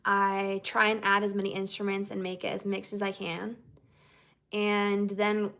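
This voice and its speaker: A woman's voice: medium pitch, monotone, a little slow, a bit bright. A woman singer-songwriter chatting casually with her fans on a livestream, bubbly and chatty, with lots of "like" and "okay?".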